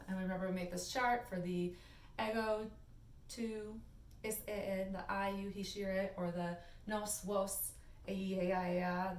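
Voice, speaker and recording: A woman's voice: medium pitch, slight background noise. Chatty woman teaching Latin, echoey room. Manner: chatty, animated, sing-song recaps. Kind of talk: classroom video lesson. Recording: echoey room, mic at a distance.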